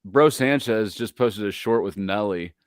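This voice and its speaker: A man's voice: lowish voice, unhurried, clear, resonant tone, dry recording, studio quality. A man on a casual panel chat, making short, wry remarks.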